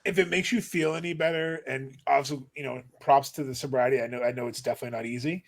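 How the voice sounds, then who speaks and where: A man's voice: medium pitch, steady tone, quick pace. A man in casual podcast chat who laughs often and tells stories with a supportive tone.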